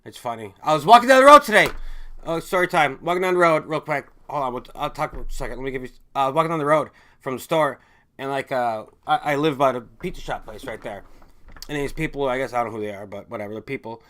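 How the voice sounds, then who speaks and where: A man's voice: medium pitch, fast, a bit bright. A man hosting a casual stream, rambling and swearing as he reads viewer chat and drifts between stories. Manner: rambling, profane, trails off and restarts mid-thought.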